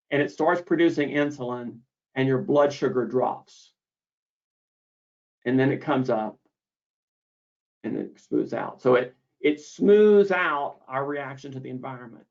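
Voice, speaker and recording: A man's voice: a little high, vocal fry. Man lecturing over dull lo-fi audio. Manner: deliberate, repeats key words for emphasis. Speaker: misophonia therapist explaining treatment. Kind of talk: explanatory lecture.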